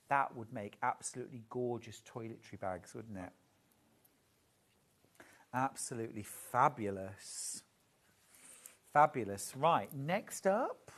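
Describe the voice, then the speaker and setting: A presenter showing off fabric bundles live, gushing and admiring in a chatty way. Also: medium pitch. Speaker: shopping channel presenter.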